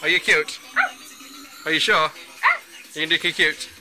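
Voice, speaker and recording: A woman's voice: deep voice, fairly even intonation, unhurried, over music. A woman filming at home, laughing, teasing her friend and cooing at her dogs in baby talk. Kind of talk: casual home video chat.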